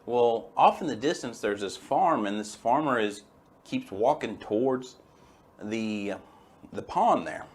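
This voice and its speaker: A man's voice: medium pitch, lively intonation, unhurried. A man hosting a chiropractic webinar, telling a story in a folksy, enthusiastic, conversational way. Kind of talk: casual storytelling lesson.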